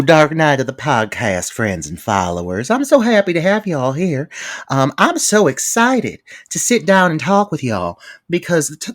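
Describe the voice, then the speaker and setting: A man co-hosting a podcast in casual chat, animated and gushing, laughing often. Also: medium pitch, dry recording, clean studio sound. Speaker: podcast co-host.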